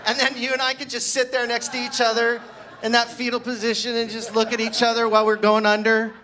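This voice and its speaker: A man's voice: extremely high pitch, completely flat delivery, brisk, sharp tone. A man in his sixties doing a self-deprecating stand-up set at his own birthday party, teasing friends in the audience. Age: 60s. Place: party venue with a live audience.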